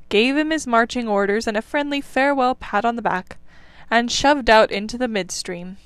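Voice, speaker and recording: Lady reading a storybook for her podcast, calm, highish voice, dry close mic. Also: no echo. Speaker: podcast host and reader. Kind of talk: storybook narration.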